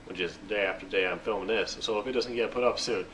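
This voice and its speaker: A young male show host gives a goofy, slangy, jokey reading and explanation of a scripture passage. His voice is fairly low and a bit bright, and he talks quickly. The recording sounds distant, with faint noise.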